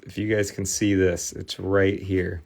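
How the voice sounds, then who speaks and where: This card cleaning livestream host, a man in his thirties with a Midwestern accent, talks casually to viewers while working, rambling amiably with lots of fillers and restarts. He speaks a little slowly in a low, flat, creaky and slightly mellow voice, with faint music behind him.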